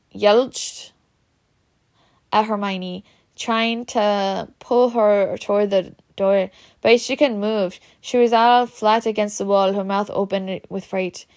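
A woman reading a children's story aloud in a steady way. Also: medium pitch, vocal fry. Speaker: reader.

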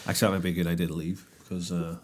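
A man's voice: sits low, flat delivery, slight background noise. A man co-hosting a podcast, talking bluntly with casual swearing. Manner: blunt, sweary, quick banter. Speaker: podcast co-host. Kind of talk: casual chat.

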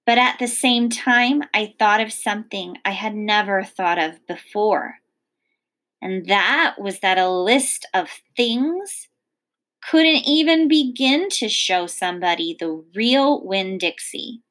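A woman teacher reading a children's novel aloud in a measured, expressive storytelling manner. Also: mid-range voice.

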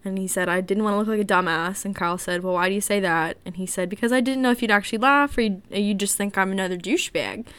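A young woman in casual chat, reading dating-app messages aloud with animated, giggly storytelling. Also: mid-range voice, quick pace, hardly any pauses, smooth, no room sound.

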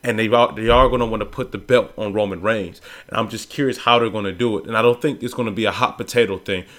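A man's voice: lowish voice, steady tone, quick pace, a bit bright. A man co-hosting a casual podcast, giving opinionated takes and often rising into exasperated rants. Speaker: podcast co-host. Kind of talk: casual wrestling talk.

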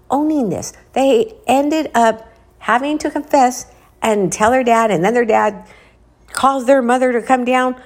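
A woman telling a spooky story casually while out walking, dropping to a hushed whisper at the tense parts. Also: fairly high pitch, unhurried. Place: outdoors, walking.

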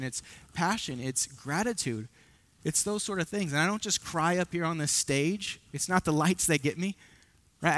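A man's voice: high voice, a bit bright. A man preaching a sermon from a church stage, earnest and emotional, with self-deprecating asides to the congregation.

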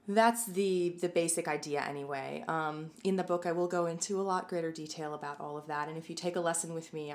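Lowish voiced woman explaining violin practice, casual lesson, lots of um and you know. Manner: conversational, many fillers and restarts. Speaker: violin teacher. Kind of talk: casual spoken music lesson.

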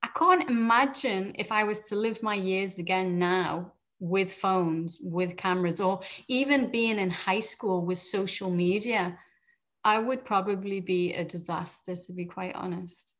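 A woman's voice: mid-range voice, fairly even intonation, a little slow, fairly bright tone. A woman in her forties chatting candidly and easily in a casual conversation. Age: 40s. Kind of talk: casual chat.

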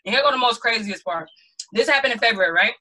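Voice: medium pitch, expressive, fast talker, pushed and bright, slight background noise, rough recording. A speaker in a casual group discussion, talking emphatically and bluntly and stressing points with a firm "period". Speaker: panel participant.

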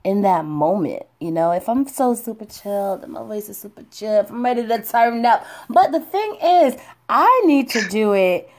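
A woman hosting a casual chat in a relaxed, chatty way. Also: a little high, normal speed, few pauses.

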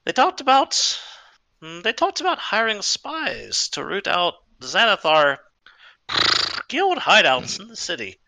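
A man's voice: high voice, wildly swooping pitch, gravelly, sharp tone, voice pushed up, full character voice. A man voicing Maxine, a haughty talking mare. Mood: drawling. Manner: slow drawling with musing hums. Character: haughty forgetful female talking horse.

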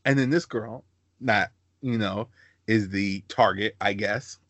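A young man hosting a casual podcast chat, telling animated stories and slipping into high-pitched voices for the people he quotes. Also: slow, no room sound. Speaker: podcast host.

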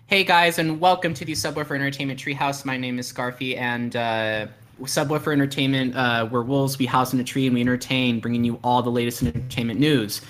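A man hosting a casual live stream, talking in a playful, halting way with frequent laughs. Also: mid-range voice, fairly even intonation, fairly bright tone. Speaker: host.

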